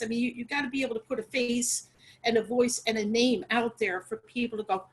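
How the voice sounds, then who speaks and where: Earnest, halting middle-aged woman. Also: on the high side, fairly even intonation, breathy edge, low-quality recording. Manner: earnest, halting, with fillers and repeats. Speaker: guest, sister of a murder victim. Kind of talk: interview.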